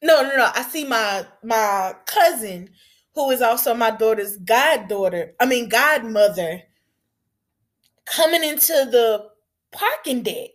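Woman telling a story real slow and emotional, kinda high voice, stops and repeats herself, blunt and swears some. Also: expressive. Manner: emotional, halting, repeats words. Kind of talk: personal storytelling to an audience.

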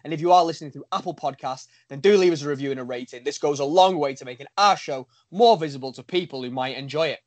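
This is a Liverpool man co-hosting a relaxed podcast with a friend. His voice sits high for a man. He talks in an upbeat, chatty way and often stumbles and restarts his words. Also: fast talker, few pauses. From Liverpool, England. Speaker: podcast co-host. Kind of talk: casual podcast chat.

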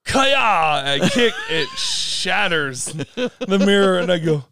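A young man casually tells a long story in a high-pitched, slow voice, with a little hiss or hum in the recording. He laughs often and acts out the people in it, making for animated storytelling in a casual chat.

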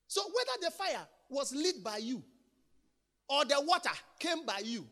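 A man preaching a sermon, emphatic and repetitive, swinging between loud declarations and quiet, intimate lines. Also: extremely high pitch, big pitch swings, measured pace. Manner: emphatic, repeats phrases, swings from loud to soft.

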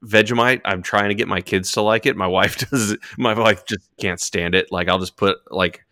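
A man's voice: lowish voice, steady tone, normal speed, bright, forceful tone, no echo, studio quality. A man in his thirties, raised partly in Australia, chatting casually on a podcast, laid-back and often swearing. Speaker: podcast host. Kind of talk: casual chat.

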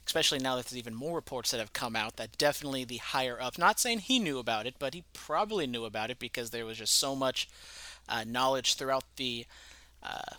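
On a casual sports podcast, a male co-host rambles and swears while breaking down a scandal. His voice is medium in pitch with a sharp tone.

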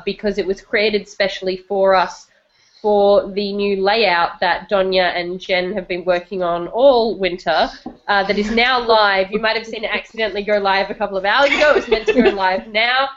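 A woman co-hosting a podcast, telling stories excitably and making announcements with fillers. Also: medium pitch, moderate pace. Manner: excitable, lively storyteller with fillers. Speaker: podcast co-host. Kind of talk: casual podcast chat. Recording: muffled lo-fi recording.

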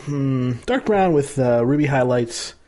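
A man co-hosting a casual beer tasting podcast, hesitant and searching for words, quick to laugh. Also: mid-range voice, animated, warm tone. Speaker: podcast co-host.

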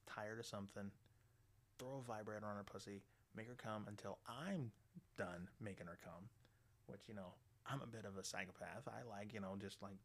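A man's voice: lowish voice, a bit bright. A man hosting a podcast, telling crude stories and jokes in a rambling, profane way, full of "you know" fillers. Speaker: podcast host. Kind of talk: crude casual storytelling and joke telling.

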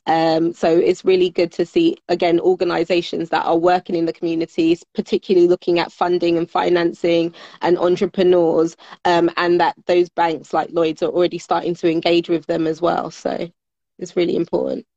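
A woman with a British accent speaks as an interview guest in a low, even, fairly flat voice. She sounds measured and articulate and uses a lot of fillers. The audio is dry and a little dull, like a remote call recording. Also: dry recording. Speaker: guest, business network founder. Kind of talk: conversational interview.

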